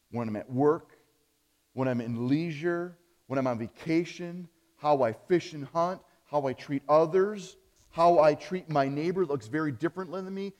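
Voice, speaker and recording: A pastor preaching in a sanctuary, his voice carrying a long hall reverb. He pushes emphasis onto key words, then lets each phrase fall away low. His pitch sits in an ordinary middle range for a man. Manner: emphatic, swings between loud stresses and low dropped phrase endings. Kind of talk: sermon.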